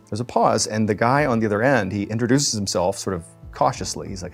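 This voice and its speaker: Low-voiced man telling a story. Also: animated, fairly quick, breathy edge, faint music behind. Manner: rambling with fillers and restarts. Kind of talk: casual spoken storytelling.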